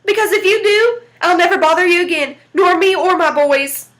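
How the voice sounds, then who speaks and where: A woman doing a loud, pleading folk-tale devil. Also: extremely high pitch, normal speed, pitched above the performer's own voice. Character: blustering male devil, pleading then gruff.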